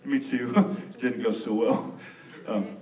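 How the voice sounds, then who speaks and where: A young man preaching a sermon with a Texan accent, acting out the figures of his story with sudden loud bursts. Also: medium pitch, fairly even intonation, slow, distant mic. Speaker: pastor. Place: church sanctuary. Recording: echoey room, mic some way off.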